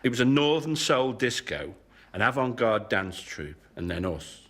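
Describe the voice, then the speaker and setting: A man's voice: mid-range voice, big pitch swings, normal speed, fairly bright tone. A man, a comedian, speaking reflectively in an interview, hedging with "you know" and throwing in sound effects. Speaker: comedian guest.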